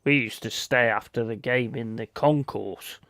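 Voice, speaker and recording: A man hosts a late-night football watch-along, talking in a relaxed, blunt way and dropping the odd swear word. His voice has a gravelly, fried edge and sits in the middle of the range. The sound is close and dry, with no room around it. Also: medium pitch, unhurried, no room sound. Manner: blunt, sweary banter with chat shout-outs. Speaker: stream host. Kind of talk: casual live watch-along chat.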